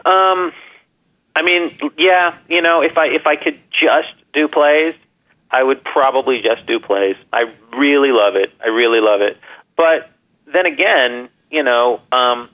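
A man's voice: medium pitch, normal speed. Man talking over a tinny phone. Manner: earnest, stammering restarts. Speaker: actor, guest calling in. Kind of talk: casual phone interview. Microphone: telephone.

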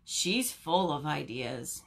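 A woman's voice: low-pitched, big pitch swings, slow pace, vocal fry, pitched below the performer's own voice, exaggerated voice. A woman voicing a confident, cheerful beaver who speaks in an assured, matter-of-fact way.

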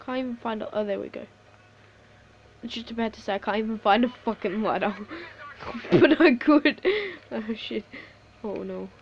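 A woman giving casual live commentary over a shooter game, swearing a lot, laughing often and reacting excitably. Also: on the high side, normal speed, long pauses, muffled recording, a little hiss or hum. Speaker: gameplay commentator.

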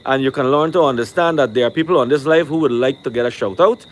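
Brash man giving live shout-outs. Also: medium pitch, fast talker, few pauses. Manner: animated, brash, ranting at critics. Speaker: live-stream host. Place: rooftop cookout outdoors.

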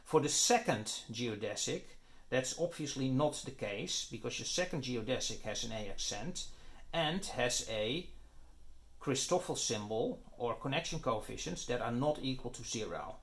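A man's voice: medium pitch, animated, normal speed, a bit bright. A man lecturing on physics, explaining his derivation step by step and often checking in with "right?" and "okay?". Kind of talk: explaining at a whiteboard.

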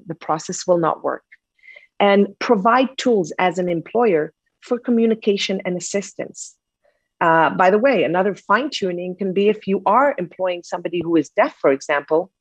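A woman's voice: mid-range voice, breathy edge, no room sound. A woman giving a presentation on inclusive employment, earnest and hesitant with many fillers. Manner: earnest, with frequent fillers and restarts. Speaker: conference speaker on inclusive employment. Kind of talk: presentation talk.

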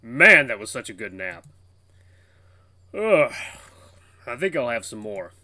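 A man's voice: medium pitch, big pitch swings, slow, bright, forceful tone, exaggerated voice. A man doing a lazy, sleepy young wolf. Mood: drowsy. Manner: drowsy, lazy, offhand.

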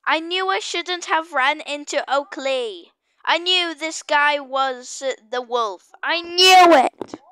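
A woman giving excitable, panicky game commentary, often repeating her exclamations. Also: high-pitched, slow pace, no room sound, studio quality. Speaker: gamer.

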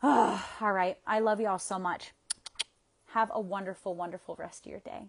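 A woman talks to her viewers through a phone during a livestream, coaching them in tapping. She is chatty and affectionate, often restarting her sentences. Her voice sits at an ordinary middle pitch. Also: fairly even intonation, moderate pace, vocal fry.

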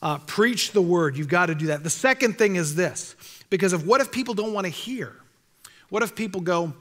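High-voiced, bright exhorting pastor. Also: male voice, lively intonation, moderate pace. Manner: earnest, exhorting, repeats key phrases. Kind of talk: sermon. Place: church sanctuary. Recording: reverberant church hall.

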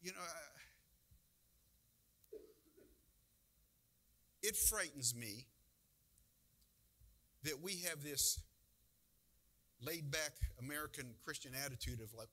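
A male pastor preaches in a church, talking to the congregation in a conversational way and asking many rhetorical questions. His voice sits a little high and sounds bright and forceful. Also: takes it slowly, pauses often. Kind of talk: sermon.

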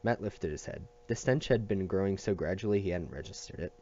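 A man reading a novel aloud at a steady pace, with small restarts and slips. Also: deep voice, brisk, muffled recording, slight background noise. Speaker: audiobook reader.

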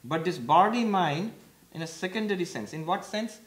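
A man with a notably high voice teaches at a meditation retreat. He speaks emphatically, repeating key points and asking questions of his listeners before answering them himself. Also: expressive, normal speed, fairly bright tone, slightly rough. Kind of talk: spiritual lecture. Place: retreat hall before an audience.

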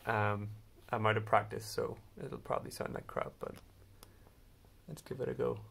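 A man's voice: mid-range voice, fairly even intonation, normal speed, gravelly, fairly bright tone. A man hosting a casual vlog, explaining an instrument hesitantly with many fillers. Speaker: video host. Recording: faint background noise.

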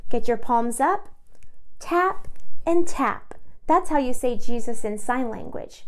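A woman teaching music to young children, talking slowly and cheerfully and singing simple songs with them. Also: on the high side, expressive. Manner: slow, cheerful and encouraging, talking to small kids. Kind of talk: sing-along lesson for young children.

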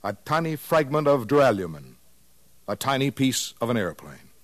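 A man narrating a scripted radio documentary in a measured, solemn way. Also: medium pitch, sing-song, no echo.

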